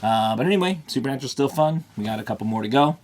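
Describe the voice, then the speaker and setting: A man co-hosting a casual podcast about a TV show, talking in an animated way and acting out scenes. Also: mid-range voice, very fast, slight background noise. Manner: animated, laughing, acts out scenes in quoted voices. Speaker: podcast co-host.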